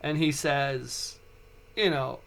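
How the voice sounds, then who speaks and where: A man in his forties, a podcast host, telling a personal story in a casual, animated way with frequent stumbling restarts. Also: medium pitch, slow, vocal fry. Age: 40s.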